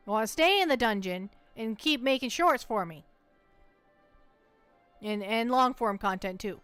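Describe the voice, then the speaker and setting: A woman from the United States chats playfully and teasingly during a casual gameplay livestream, often repeating words. Her voice is on the high side, animated, smooth and fairly bright at a moderate pace, with no room sound and faint music behind.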